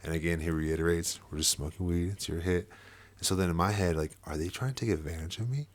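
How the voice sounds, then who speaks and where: A young man with a very low voice tells a long personal story in a relaxed podcast conversation. He leans on fillers, swears freely and laughs as he talks. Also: fast talker. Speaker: podcast guest. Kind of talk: casual storytelling chat.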